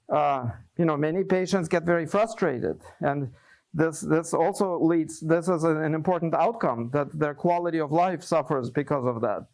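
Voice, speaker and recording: A man's voice: on the high side, darkish tone. Man answering questions at a workshop. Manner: thoughtful, restarts and repeats words. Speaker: presenter.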